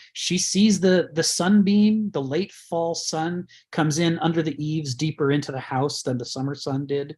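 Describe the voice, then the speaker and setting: Rambling man giving a lecture, breathy. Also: on the high side, steady tone, measured pace, few pauses, a little mellow. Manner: rambling, chuckles often, many fillers. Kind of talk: conversational lecture.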